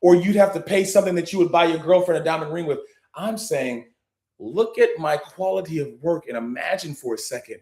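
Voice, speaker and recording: A man hosting a livestream, hyping the audience and preaching about business, swinging between loud and hushed. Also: on the high side, a little fast, echoey room. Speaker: livestream host. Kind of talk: hyped livestream talk.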